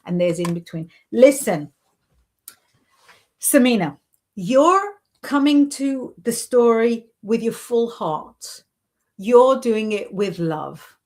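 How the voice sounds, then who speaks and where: Her voice sits on the high side with a darkish tone, animated yet slow. Hosting a laid-back live stream, this woman reads viewers' comments aloud and gives encouraging intuitive readings, peppering her talk with "sort of" and "you know."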